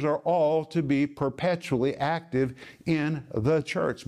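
A man hosting a televised Bible teaching program, speaking in an emphatic, deliberate preaching cadence. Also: a little high, a little mellow.

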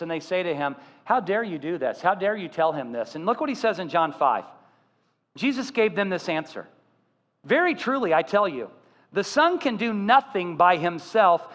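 High-voiced pastor preaching in a reverberant hall. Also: male voice. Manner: animated storytelling, acting out voices. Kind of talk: sermon.

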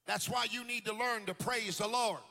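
A man preaching a sermon in church in a sing-song cadence that climbs into shouts. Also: very high voice, fairly even intonation, normal speed, gravelly. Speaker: pastor. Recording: long hall reverb with faint music.

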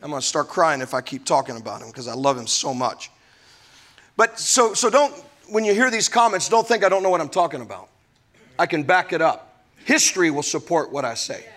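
A man's voice: fairly high pitch, a little fast, fairly bright tone. A man preaching a sermon as pastor, emphatic, with folksy asides.

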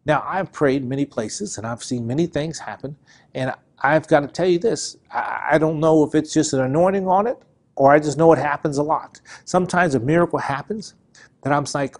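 Male pastor, fairly high-pitched, fervent sermon delivery with repeated phrases and swinging emphasis. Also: moderate pace. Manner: impassioned, repetitive preaching with rising and falling emphasis.

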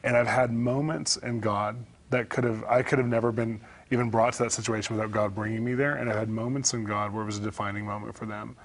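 A man's voice: lowish voice, flat delivery. A man as a guest author, earnestly telling stories from his life in an interview. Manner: fast, earnest storytelling.

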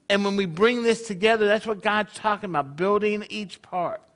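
A man's voice: sits high, measured pace, fairly bright tone. A man leading his congregation in a conversational sermon, full of rhetorical questions. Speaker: congregation leader.

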